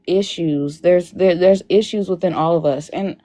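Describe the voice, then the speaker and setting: Young woman, crying, caller on live video call, warm dark voice, rambling. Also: lowish voice, normal speed. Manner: tearful, rambling, frequent "like" fillers. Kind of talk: emotional personal account.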